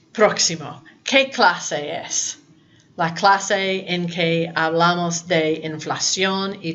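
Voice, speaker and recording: A woman's voice: on the low side, a bit bright, dull audio, slight background noise. A woman teaching a recorded lesson to her students in a patient, explaining way. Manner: patient, talks to students, mixes English and Spanish prompts. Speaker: Spanish teacher.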